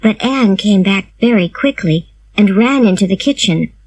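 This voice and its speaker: A woman reading a simplified storybook aloud, slow, clear and expressive. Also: medium pitch. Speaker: narrator.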